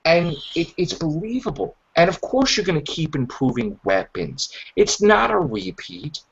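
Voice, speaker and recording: A man hosting a podcast in casual chat, rambling and acting out characters' lines in animated voices. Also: a little high, moderate pace, a little hiss or hum. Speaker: podcast host. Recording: dull lo-fi podcast audio.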